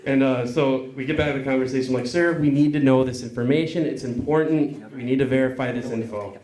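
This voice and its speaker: A man performing a stand-up comedy set on a club stage, cursing and acting out callers in quick voices. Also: mid-range voice, darkish tone. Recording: echoey club with crowd. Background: audience laughing.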